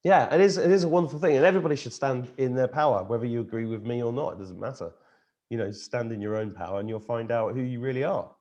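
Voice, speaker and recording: A middle-aged man hosting a casual chat over a video call, easygoing and unhurried. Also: medium pitch, darkish tone, dull audio. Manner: easygoing, unhurried, lots of "you know". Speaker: host.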